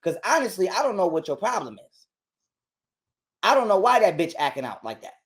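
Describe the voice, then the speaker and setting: A man's voice: high voice, very animated. A man, a guest on a call, telling a heated personal story in street slang and swearing a lot. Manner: heated, profane, talks fast in street slang.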